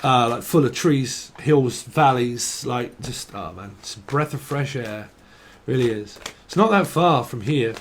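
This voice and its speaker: A man's voice: mid-range voice, lively intonation, measured pace, slight background noise. A man from northern England, giving a casual tarot reading, rambling and free-associating on words with lots of swearing and laughter. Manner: laughs often. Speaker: tarot reader.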